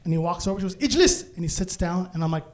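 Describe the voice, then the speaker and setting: A man doing live stand-up on a comedy stage, telling a long story in a lively way. His voice sits high for a man. He slips into other people's voices and breaks into sudden shouts. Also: rapid-fire. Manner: animated, acts out voices, bursts into shouts.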